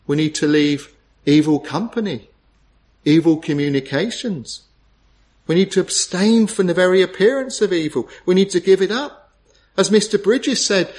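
A man's voice: high voice, moderate pace, darkish tone. A man preaching a sermon in an earnest, pleading way, asking the listeners many questions.

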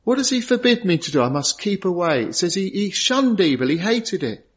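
A middle-aged man preaching a sermon in earnest, pausing between short phrases and rising for emphasis. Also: high-pitched, very animated, husky. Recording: dull lo-fi sound.

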